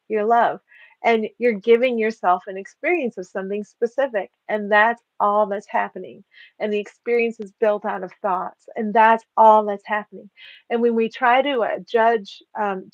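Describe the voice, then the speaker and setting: Calm woman on dull earbuds. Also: medium pitch, no echo. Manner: calm, soothing, slow and gentle. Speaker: guest spiritual teacher. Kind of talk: calm spiritual teaching in a live chat. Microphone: earbuds on a remote call.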